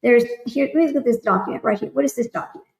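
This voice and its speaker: Woman host, slightly high voice, loose chatty livestream talk, roomy echo. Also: racing, vocal fry, darkish tone, lo-fi sound. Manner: reads aloud, then chats loosely with viewers. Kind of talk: casual livestream commentary.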